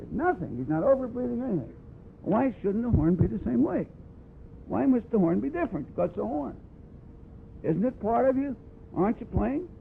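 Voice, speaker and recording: Gravelly high-voiced man teaching brass. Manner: plainspoken and wry, scats phrases to demonstrate. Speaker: brass instructor giving a clinic. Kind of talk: blunt, conversational teaching talk. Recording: tinny lo-fi archival tape with faint hiss.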